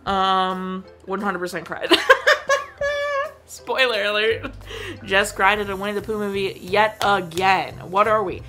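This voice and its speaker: A woman's voice: mid-range voice, big pitch swings, slow, over music. A young woman chatting casually about a movie she just watched, full of fillers and giggles. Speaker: movie review vlogger. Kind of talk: casual movie review chat.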